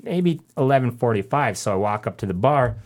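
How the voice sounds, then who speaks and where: A young man telling a story in casual chat, swearing constantly and ranting in an animated way. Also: medium pitch, fairly quick.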